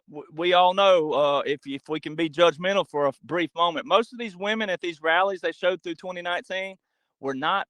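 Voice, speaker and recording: Emphatic man, higher voice, dry sound. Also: a bit bright, no room sound, rough recording. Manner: emphatic, rhetorical questions; acts out quoted voices. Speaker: podcast guest. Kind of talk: animated monologue.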